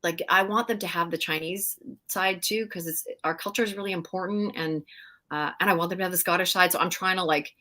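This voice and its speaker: A middle-aged woman with a slightly low voice chats as an interview guest. She tells animated stories, laughs often and fills her talk with "like" and "you know". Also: fairly quick. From Canada. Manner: animated storyteller, laughs often, many fillers. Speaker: guest actress. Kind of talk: casual interview chat.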